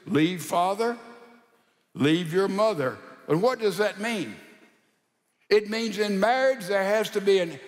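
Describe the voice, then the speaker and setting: A male pastor preaching a sermon in a folksy, animated storytelling style with rhetorical asides. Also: sits high, big-room sound.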